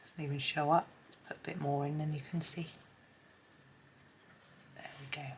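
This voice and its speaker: A hoarse woman with a chatty, rambling manner talks casually while colouring, often dropping to a near whisper. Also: sits low, little pitch movement, moderate pace, background noise. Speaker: colouring channel host.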